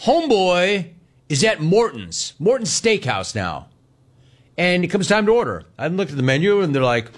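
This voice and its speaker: A man's voice: fairly high pitch, very animated. A man hosting a talk radio show, telling a story in a brash, mocking way. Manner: brash, mocking, fast-riffing. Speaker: sports talk radio host. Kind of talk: casual chat, storytelling.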